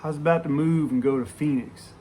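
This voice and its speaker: A man telling a story from his working life in a casual, animated way, full of swearing. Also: fairly high pitch, a little fast, a little hiss or hum. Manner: profane, animated raconteur.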